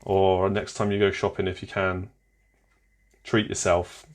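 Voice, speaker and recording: A man's voice: low voice, little pitch movement, unhurried. A man hosting a live online quiz, chatting, reading out scores and viewers' comments and laughing often. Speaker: quiz host.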